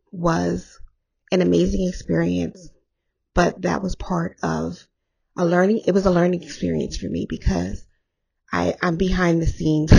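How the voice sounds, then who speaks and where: Hoarse woman podcast host, slow and raspy, candid and rambling. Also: on the low side, a little mellow. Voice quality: gravelly. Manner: candid, rambling, laughs often. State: hoarse after illness. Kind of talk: candid solo podcast talk.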